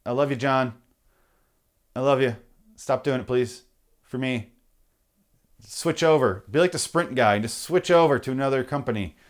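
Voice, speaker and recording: A man's voice: medium pitch, moderate pace, pauses often. A man hosting a podcast, ranting in a profane, rambling, jokey way through the show's sign-off. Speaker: podcast host. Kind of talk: rambling comedic podcast outro.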